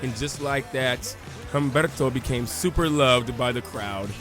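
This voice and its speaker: A man's voice: mid-range voice, measured pace. A man giving casual, joking let's-play commentary and acting out crowd chants as he tells the story. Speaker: gaming YouTuber. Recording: faint music underneath.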